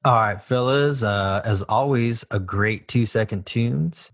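A man hosting a casual podcast segment, leading a movie quote game in a relaxed, easygoing way. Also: on the low side, takes it slowly, no room sound. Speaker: podcast host running a movie quiz. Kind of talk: casual chat.

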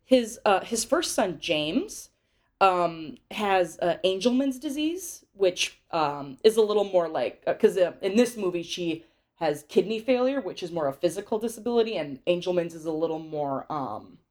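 A young woman hosts a podcast, recapping a film in a chatty, rambling way packed with fillers and giggles. Her voice is fairly low, animated, and a bit mellow, at normal speed.

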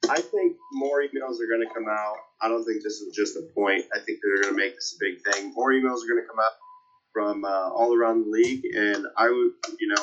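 Low-voiced man on a dull line. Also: a bit bright. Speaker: panelist. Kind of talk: casual sports talk. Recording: dull lo-fi call audio.

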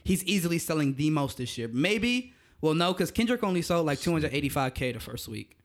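A young man with a slightly raised pitch holds forth in a casual podcast chat. He is blunt and opinionated and swears freely. His slang-heavy delivery makes every take sound certain. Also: big pitch swings, fairly quick. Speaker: podcast co-host.

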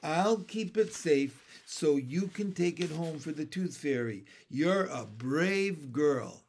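A patient, kindly kindergarten teacher who speaks gently and reassuringly, as a man reading the story puts her on. Her words come slowly and calmly. She sounds soft and caring toward a small child. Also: a little high, slight background noise. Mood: gentle.

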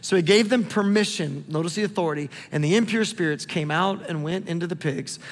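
A male pastor preaching a sermon in an animated, conversational way. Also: sits high, a little fast, big-room sound. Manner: animated, conversational preaching with repeated calls to look.

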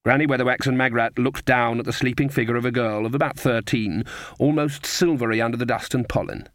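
A man's voice: medium pitch, fairly even intonation, fairly quick, a bit bright, no echo. Man narrating a fantasy audiobook. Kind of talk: scripted narration.

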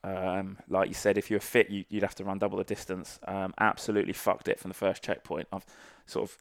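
A man's voice: low voice, level tone, fairly quick, gravelly, no room sound, clean studio sound. A man, a former army sniper, telling sweary, rambling anecdotes as a guest in a casual podcast interview. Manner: salty, sweary anecdotal storytelling.

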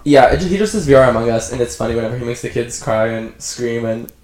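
A woman co-hosting a podcast, telling stories in an animated way with lots of fillers. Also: a bass voice, quick pace, roomy sound, heavy background noise. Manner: animated storytelling with many fillers. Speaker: podcast co-host. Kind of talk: casual chat.

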